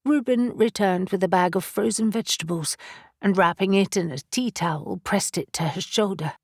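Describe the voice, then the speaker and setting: A woman reading a fantasy audiobook in measured, even scripted narration. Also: fairly low pitch, slightly rough, dry recording, clean studio sound.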